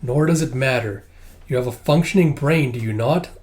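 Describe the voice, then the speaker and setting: A man's voice: mid-range voice, moderate pace, a little mellow, natural voice. A man reading as a cold ancient snake creature. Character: ancient snake creature, calm and coldly clinical.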